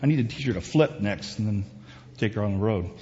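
A man's voice: fairly low pitch, animated, brisk, a little mellow. Guy preaching a sermon, chatty then punchy, long echo, kinda dull sound. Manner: conversational preaching, rising to emphatic peaks. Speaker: pastor. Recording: dull distant sound in a reverberant hall.

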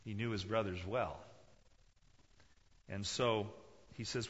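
A man's voice: on the low side, a little slow, long pauses, fairly bright tone. A man preaching a sermon, telling a story dramatically and acting out the voices of its people. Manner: dramatic, acts out quoted voices, rises and drops in intensity. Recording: dull sound in a reverberant hall.

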